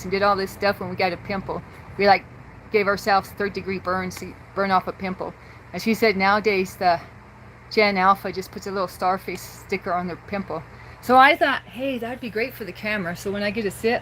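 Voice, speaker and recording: A woman chats loosely with her livestream viewers, drifting from one topic to the next and breaking into laughter. Her voice sits at a middle pitch for a woman. It comes through a handheld phone with a faint hiss underneath. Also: a bit bright. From rural area near Boise, Idaho. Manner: chatty and rambling, laughs often. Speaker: livestream host. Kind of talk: casual livestream chat with viewers.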